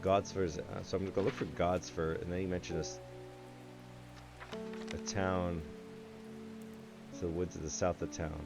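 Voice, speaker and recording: This is a man giving let's-play commentary on a puzzle game. He thinks aloud in casual asides, trailing off and restarting. His voice is very low and gravelly. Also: little pitch movement, normal speed, long pauses, over music. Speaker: game reviewer.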